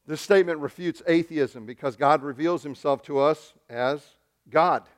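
A pastor with a slightly high voice preaches at a moderate pace, excitable and emphatic, repeating words often and moving back and forth between loud stresses and quiet asides.

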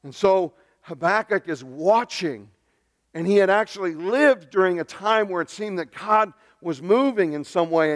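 A man preaching a sermon with passion, swinging from loud cries to hushed, low lines. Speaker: pastor.

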